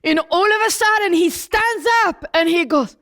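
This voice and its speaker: A woman telling stories in character as the apostle John relates his days with Jesus in first person, directing questions at her listeners. The voice is very high-pitched and a bit bright, at a moderate pace.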